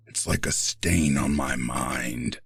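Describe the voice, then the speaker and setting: A man voicing a gruff old grandfather, weary and haunted, with a very deep, rough drawl, hesitant and stumbling with fillers. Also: slow pace, fairly bright tone, faint music behind, exaggerated voice.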